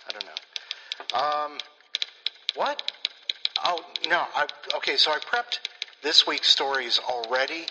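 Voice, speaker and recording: A man's voice: medium pitch, big-room sound, heavy background noise. A man hosting a podcast, chatting casually in a playful, rambling, self-mocking way. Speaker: podcast host.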